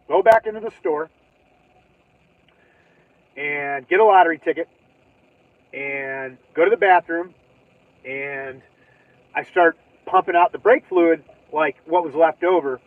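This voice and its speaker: A man with a fairly high voice tells a rambling, animated story, swearing and laughing as he acts out his own reactions. The sound is tinny and thin, like a phone call from inside a car. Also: measured pace, creaky, long pauses, dry recording. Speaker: livestream host. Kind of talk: casual storytelling. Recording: tinny phone-like livestream audio.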